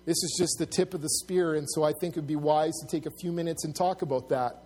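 A man's voice: steady tone, quick pace, breathy edge. A man preaching a sermon to his congregation, earnest and plain-spoken, often restarting his sentences. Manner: earnest, restarts often, rises loud and high when acting out mockers. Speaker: pastor.

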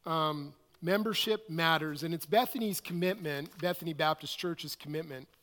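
A man's voice: on the high side, normal speed, a bit bright. A man preaching as pastor to his church, conversational and self-questioning, with quoted asides, recorded in a church sanctuary. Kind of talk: sermon. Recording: long hall reverb.

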